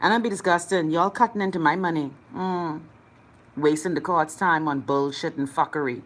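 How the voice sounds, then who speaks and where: A woman's voice: lowish voice, a little hiss or hum. A woman with a Bahamian accent hosting a live chat show, reading out viewer comments in a sassy, blunt, swearing way.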